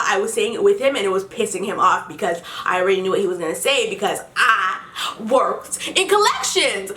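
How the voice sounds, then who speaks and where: Animated, profane young woman vlogger. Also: a little high. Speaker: beauty vlogger. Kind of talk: casual storytime. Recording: roomy with faint music.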